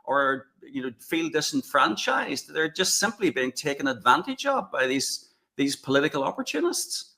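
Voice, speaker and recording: A man co-hosting a political discussion, talking in a halting way with many fillers and restarts. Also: a little high, sing-song, creaky, bright, forceful tone. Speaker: co-host.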